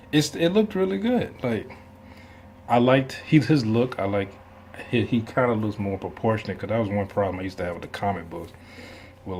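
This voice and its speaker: A man's voice: sits low, a little hiss or hum. A man hosting a reaction video, talking in a casual, rambling way with many asides and some laughs.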